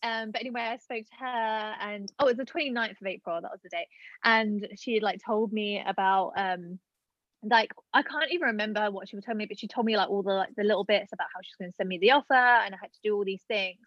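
Chatting casually as a guest, a late-twenties woman talks fast through a personal story packed with fillers. Her pitch is medium, and the recording is dry and muffled.

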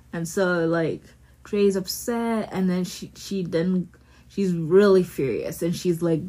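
A woman's voice: fairly low pitch, darkish tone, husky. A woman hosting a podcast, chatting casually through a TV show recap in a rambling way, full of fillers and self-corrections. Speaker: podcast host.

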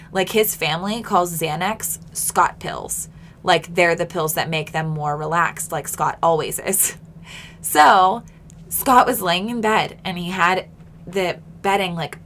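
A woman's voice: fairly low pitch, fairly bright tone, slight background noise. A woman co-hosting a casual podcast, chatty and self-deprecating, laughing often as she shares stories. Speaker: podcast co-host. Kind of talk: casual chat.

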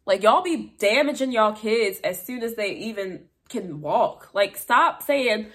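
A woman's voice: medium pitch, animated, measured pace, few pauses. Chatty young woman hosting a vlog. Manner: chatty, filler-heavy, blunt, addresses audience as y'all. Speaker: podcast host. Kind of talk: casual monologue to viewers.

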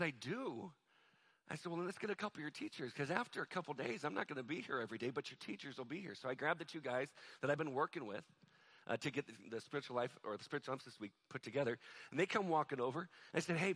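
Bright-voiced, joking male preacher. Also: a little high, husky. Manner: conversational, jokey, acts out quoted voices. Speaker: pastor. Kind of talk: sermon with storytelling and jokes.

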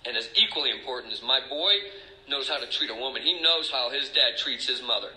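A man's voice: medium pitch, fairly quick, bright, forceful tone, roomy sound, poor audio. A middle-aged man speaking as a recovery speaker, emotional and confessional, rambling with restarts. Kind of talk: personal testimony talk.

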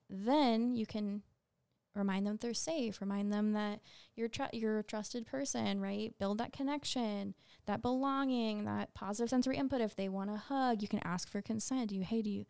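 Woman podcast host, ex middle school teacher, chatty storyteller, clear smooth voice. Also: mid-range voice, moderate pace. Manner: animated storyteller, acts out quoted students. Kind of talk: casual podcast conversation.

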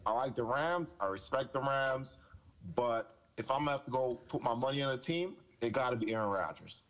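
A man's voice: medium pitch, animated, a little fast, fairly bright tone. A man co-hosting a casual football podcast, blunt and opinionated, laughing often as he argues his picks. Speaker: podcast co-host, Ravens fan. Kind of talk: casual sports banter.

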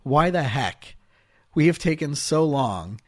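A man who is a marriage and family therapist hosts a podcast, speaking casually and animatedly with frequent restarts and fillers. His voice is on the high side and slow, recorded with studio quality and no room sound.

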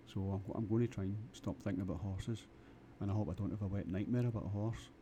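A Scottish man rambles through a comic monologue, crude and full of repeated restarts. His voice is lowish and very dark and mellow. Faint background noise runs behind him. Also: steady tone, fast. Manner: crude, with frequent stammered restarts. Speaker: vlogger.

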